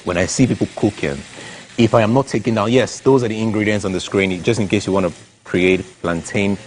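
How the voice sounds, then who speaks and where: A man's voice: lowish voice, a little fast, a little hiss or hum. A man hosting a morning TV show, chatting in a playful, teasing way on a studio kitchen set. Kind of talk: casual studio chat.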